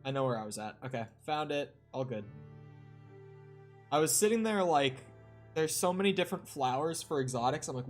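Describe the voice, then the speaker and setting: A young man live-streaming a game, talking loosely to his chat with a voice of ordinary pitch. He drifts between greetings and mild cursing as he plays. Soft music hums faintly behind him. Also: expressive, moderate pace. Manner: chatty, swears, talks to chat while playing. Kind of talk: casual live-stream chat over gameplay.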